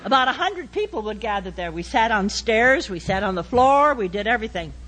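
Woman testimony speaker, animated storyteller who acts out the voices, voice on the high side. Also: fairly quick, slight background noise.

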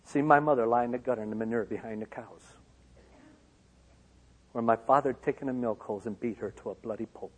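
A man from Michigan giving a personal testimony to an auditorium, swinging from loud outbursts to hushed lines. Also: mid-range voice, slightly rough. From Michigan, USA. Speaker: speaker. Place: large auditorium. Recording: long hall reverb.

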